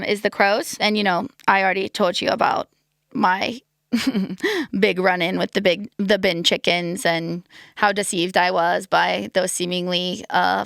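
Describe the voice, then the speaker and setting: A woman's voice: mid-range voice, creaky, a bit bright, no echo, clean studio sound. An American woman hosting a casual solo podcast, hungover and rambling, with lots of "like" and "um". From United States. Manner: rambling and chatty, full of "like" and "um". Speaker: podcast host.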